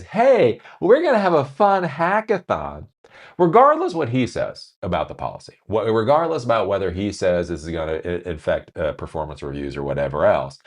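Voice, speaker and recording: A deep-voiced man hosting a podcast commentary, reading news excerpts and then ranting about them with heavy sarcasm. His pitch swings widely, which makes the delivery animated. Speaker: host.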